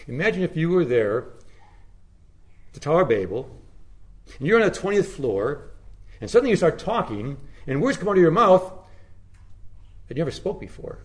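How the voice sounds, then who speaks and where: A man preaching a sermon, with dramatic emphasis that drops to low, hushed phrases.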